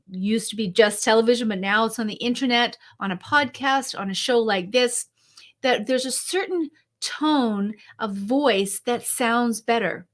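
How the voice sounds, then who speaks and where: A woman who coaches public speakers hosts her own tip video. Her voice sits a little high, and she speaks upbeat and conversationally, straight to the viewer as if across a table. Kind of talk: direct-to-camera coaching tip.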